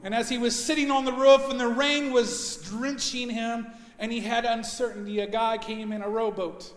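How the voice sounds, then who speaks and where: High-voiced pastor preaching in echoey hall. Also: male voice, normal speed. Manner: animated storytelling, rising to loud emphasis. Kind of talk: sermon. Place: church sanctuary.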